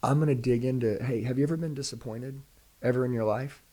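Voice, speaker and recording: A man giving an intense motivational pitch as a podcast guest, direct and preachy, firing off rhetorical questions. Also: fast talker, dark tone. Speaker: sales trainer, podcast guest.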